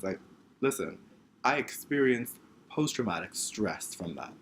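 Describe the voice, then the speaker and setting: Lively young man telling a story. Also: on the low side, a little slow, slight background noise. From the Bahamas. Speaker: vlogger. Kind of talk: story time monologue.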